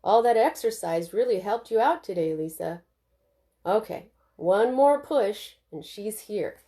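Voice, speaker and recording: A woman voicing a calm, reassuring doctor in a read-aloud novel. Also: medium pitch, measured pace, lightly acted. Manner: reassuring, professional. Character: calm, slightly nervous delivery doctor.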